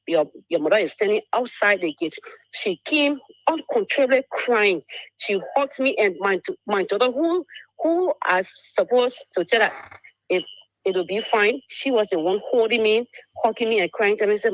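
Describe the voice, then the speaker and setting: A woman, telling a painful personal story on a talk show, halting and repeating words. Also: mid-range voice, no room sound. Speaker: guest telling her story. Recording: muffled dry broadcast audio.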